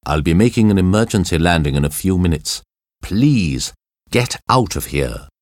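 A man voicing a calm, stern male airline captain in an audiobook story, giving firm orders. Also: low-pitched, normal speed, no echo. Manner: firm, commanding.

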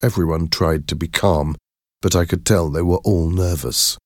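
A man reading a first-person story aloud in a slow, measured, clear way. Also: low-pitched, fairly even intonation, no echo, clean studio sound. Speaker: narrator.

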